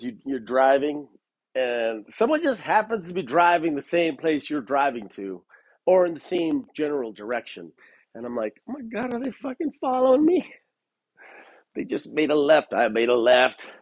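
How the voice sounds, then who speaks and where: A man's voice: mid-range voice, no room sound. A man hosting his own podcast, rambling and swearing in a casual solo rant full of "man" and "dude", with a cough now and then. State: has a cough. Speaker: podcast host.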